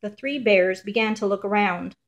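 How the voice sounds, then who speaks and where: A woman reading a children's fairy tale aloud in a measured, rhythmic storybook manner. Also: medium pitch.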